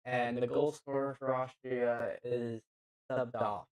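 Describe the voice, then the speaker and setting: A man giving casual live play-by-play commentary on a football match into a handheld mic, halting and often unsure of player names. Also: medium pitch, level tone, clear, resonant tone, highs cut off. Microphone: handheld microphone.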